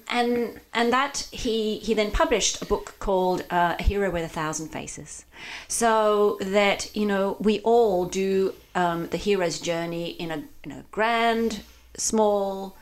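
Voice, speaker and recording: A woman with a Danish accent, a mindfulness coach talking reflectively in a casual interview. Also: fairly low pitch. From Denmark.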